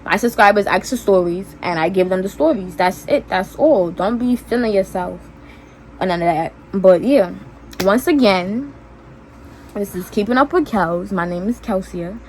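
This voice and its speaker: A woman's voice: mid-range voice, normal speed, a little hiss or hum. Blunt 18-year-old Brooklyn woman. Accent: Brooklyn New York. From Brooklyn, New York. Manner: blunt, animated, streetwise slang. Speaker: vlogger. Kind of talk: casual storytime monologue.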